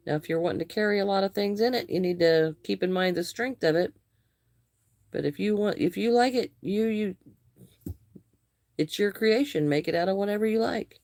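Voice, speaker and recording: A woman hosting a live crochet stream, chatting with viewers, greeting and thanking them by name, with some halting restarts. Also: mid-range voice, a little mellow, no echo, clean studio sound. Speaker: livestream host.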